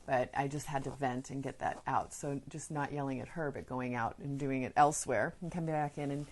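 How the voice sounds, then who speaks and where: A woman's voice: rumbling low, steady tone, brisk. A woman hosting a parenting podcast, giving advice in an earnest, conversational way and speaking directly to her listeners. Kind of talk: casual advice talk. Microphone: podcast microphone.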